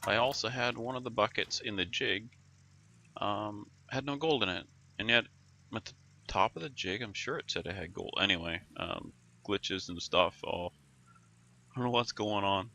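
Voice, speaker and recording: A man's voice: fairly low pitch, moderate pace, bright, forceful tone. A man giving casual, rambling commentary while playing a video game, musing aloud with plenty of fillers. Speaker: gaming YouTuber.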